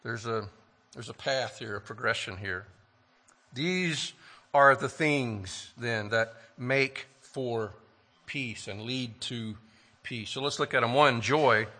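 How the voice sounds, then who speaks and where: A man preaching a sermon earnestly, asking rhetorical questions and slowing down to stress key phrases. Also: medium pitch, bright, forceful tone. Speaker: pastor.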